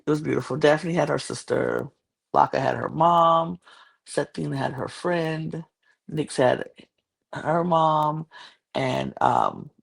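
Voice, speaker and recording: A woman's voice: low voice, vocal fry. A woman hosting a podcast, chatting casually through a show recap with many fillers and restarts. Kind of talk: casual chat.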